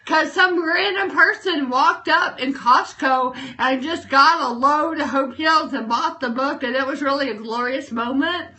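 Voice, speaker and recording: A woman's voice: high voice, unhurried, hardly any pauses, pushed and bright, low-quality recording. A young woman hosting a casual live-stream chat from her kitchen table, emotional and enthusiastic. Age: young adult. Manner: emotional, tearful at times, enthusiastic. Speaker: host.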